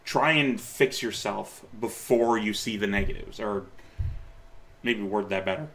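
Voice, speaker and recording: A man in his late twenties speaks unhurriedly in a lowish, somewhat bright voice. In casual reaction commentary on his old video, he meanders and self-corrects, laughing at himself and offering encouraging words.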